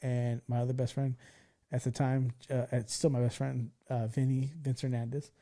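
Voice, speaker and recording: A man in his thirties hosting a podcast, telling a story in casual chat, animated, laughing and swearing freely. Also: mid-range voice, moderate pace. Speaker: podcast host.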